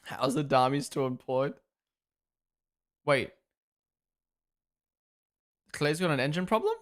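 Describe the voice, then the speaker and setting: A man's voice: a little high, expressive, slow. A young man casually commentating live on a stream, reacting and thanking viewers by name. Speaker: streamer hosting a watchalong.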